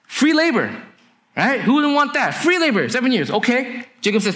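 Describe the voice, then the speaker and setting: A man's voice: sits high, huge pitch swings, a little fast, fairly bright tone. A man preaching a sermon, retelling a story in casual slang and acting out the dialogue. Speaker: pastor.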